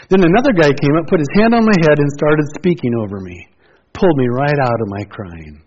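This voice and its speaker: A middle-aged man preaching a sermon as pastor, earnest, rising to loud exclamations and dropping to quiet pleading. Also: on the high side, lively intonation, normal speed, a little hiss or hum. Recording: dull lo-fi sound.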